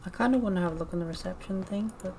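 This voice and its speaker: Gravelly woman streamer muttering playfully. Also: fairly low pitch, rapid-fire, dark tone. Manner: chatty, playful, muttering to herself. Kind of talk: casual let's-play commentary. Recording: streamed mic with clear noise.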